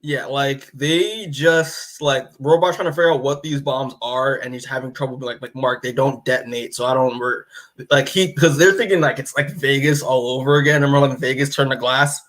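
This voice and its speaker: A man's voice: medium pitch, a little fast, hardly any pauses, fairly bright tone. A man co-hosting a podcast, talking casually about comic books in loose, filler-heavy speech. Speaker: podcast co-host. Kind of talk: casual comic book chat.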